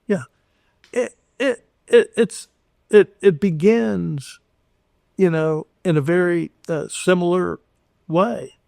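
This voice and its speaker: A man's voice: high voice, slow pace, gravelly, pauses often, mellow, dry recording, studio quality. An older man from Houston, Texas, talking earnestly as a podcast guest, with frequent restarts and acted-out dialogue. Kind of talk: conversational storytelling.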